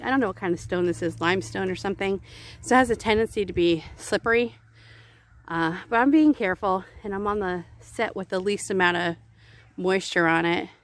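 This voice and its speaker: Rambling, candid woman vlogging outdoors. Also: mid-range voice. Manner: rambling, candid, swears casually. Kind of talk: casual chat to camera. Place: outdoors on woodland trail stairs.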